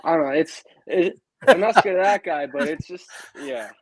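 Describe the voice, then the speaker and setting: A man's voice: a little high, normal speed, slight background noise, low-quality recording. A young adult man as a guest on a casual sports talk show, easygoing and modest, sounding a little off-mic. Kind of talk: casual interview chat.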